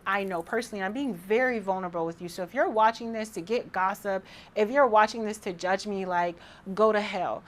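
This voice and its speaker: A woman in her thirties talking casually to camera as a vlogger, excited and rambling, with frequent restarts. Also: medium pitch.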